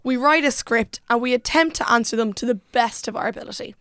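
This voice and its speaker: A woman co-hosting a casual podcast, bubbly and quick to laugh. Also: fairly high pitch, a bit bright, no room sound, studio quality. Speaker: podcast co-host.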